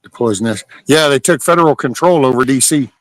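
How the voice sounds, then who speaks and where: A man's voice: medium pitch, brisk, no echo. A man from Southeast Texas, chatting casually and joking with viewers while reading their comments on a livestream. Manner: laid-back, folksy and profane, joking with chat. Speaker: livestream host.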